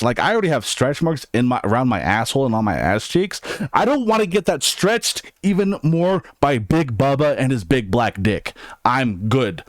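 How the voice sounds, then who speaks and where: A man's voice: mid-range voice, no room sound, clean studio sound. A man ranting in a crude, joking, rambling way, full of slang and profanity, as a YouTuber. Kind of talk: edgy casual rant.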